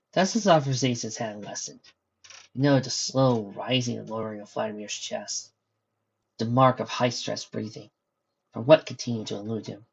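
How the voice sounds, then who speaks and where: Husky male fan-fiction narrator. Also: medium pitch, moderate pace. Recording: dull lo-fi recording.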